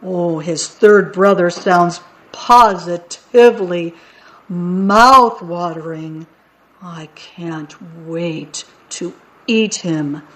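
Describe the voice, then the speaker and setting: A woman voicing a hungry, boastful male troll in a picture book read-aloud, with a drawn-out, greedy way of talking. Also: lowish voice, fairly bright tone. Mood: gloating. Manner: drawn-out, greedy, then stammering.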